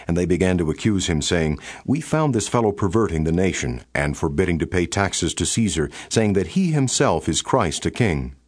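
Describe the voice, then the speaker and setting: A man narrating a Bible passage in a steady, formal storytelling cadence. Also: deep voice, no room sound. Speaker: scripture narrator. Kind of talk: scripted Bible reading.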